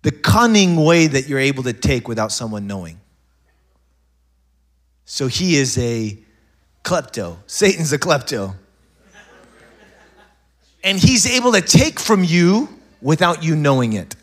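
With a fairly high pitch, a slightly slow delivery and frequent pauses, a male pastor preaches to his congregation. He alternates soft asides with loud, animated bursts and tells rambling stories that often start over.

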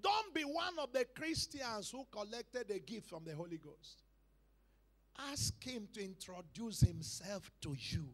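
A male pastor preaching a sermon to a church congregation, dropping to hushed lines and rising to loud shouted calls, repeating phrases for emphasis. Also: high voice. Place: church service.

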